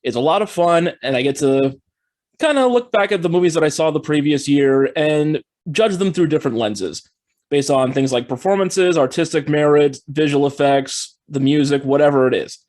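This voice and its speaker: A man hosting his own film review channel, talking in an upbeat, steady and explanatory way as he reads through a scripted review. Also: a little high, normal speed.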